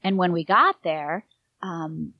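Woman, middle-aged, low voice, chatty storyteller, dry slightly dull sound. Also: slow, no room sound. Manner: rambling, fills with um and like. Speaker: guest. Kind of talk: casual storytelling.

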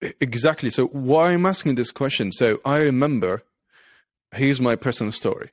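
Man telling a story with halting restarts. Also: mid-range voice, no echo. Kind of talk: casual conversation.

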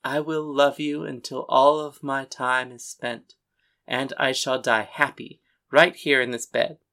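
A woman voicing a tough, loyal young woman known as the whiskey girl, speaking low and earnest with dry humor. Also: steady tone, measured pace, gravelly, fairly bright tone, exaggerated voice. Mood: wry affection.

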